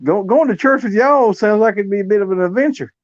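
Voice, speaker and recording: A man's voice: sits high, fast, no echo, highs cut off. A man hosting a casual interview, easygoing as he reacts to stories and asks questions. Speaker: interview host.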